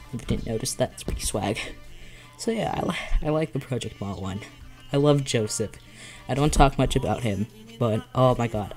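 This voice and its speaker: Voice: medium pitch, a little mellow. Rambling, giddy creator with a headache. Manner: rambling and giddy, with many restarts and laughs. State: has a headache. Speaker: video creator. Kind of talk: casual vlog commentary.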